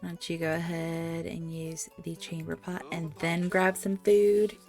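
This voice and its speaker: A woman's voice: fairly low pitch, little pitch movement, a little slow, a little mellow, faint music behind. A woman giving casual let's-play commentary on her life-sim game, chatting to her characters and cooing over the animals. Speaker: gaming YouTuber.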